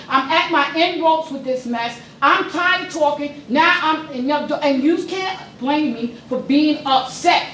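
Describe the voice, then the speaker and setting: An upset woman with a very high voice pours out an emphatic, pleading complaint at public comment. She sounds distant from the mic, her words ringing around an echoey meeting room with a faint hiss beneath. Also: a bit bright. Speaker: resident speaking at public comment. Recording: echoey room, picked up from afar.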